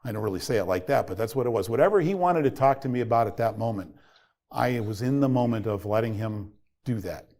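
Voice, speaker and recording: A man's voice: mid-range voice, animated, quick pace, a little mellow. Fifty-something guy, parent coach, telling his story, earnest and thoughtful, gets fired up on the big points. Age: 50s. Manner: reflective, earnest, builds to heated emphasis. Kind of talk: personal storytelling talk.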